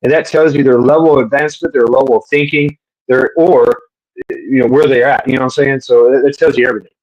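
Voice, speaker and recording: A man in casual conversation, talking in an animated way and acting out imagined voices. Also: medium pitch, fast talker, highs cut off. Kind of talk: casual podcast chat.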